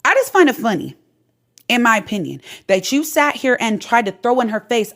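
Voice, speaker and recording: A woman vlogger delivering an opinion callout rant in a sassy, profane, animated way. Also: a little high, moderate pace.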